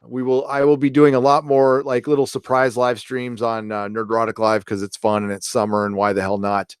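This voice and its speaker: Middle-aged male streamer, loose and jokey, smooth voice, dry close mic. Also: medium pitch, level tone, moderate pace, no echo. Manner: rambling, reads donations aloud, jokey. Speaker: live stream host. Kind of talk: casual live stream chat.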